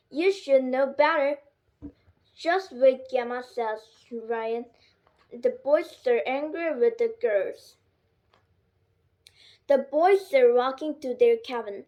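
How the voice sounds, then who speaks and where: A woman reading a graded storybook aloud, halting and correcting her own slips. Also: sits high, darkish tone. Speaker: reader.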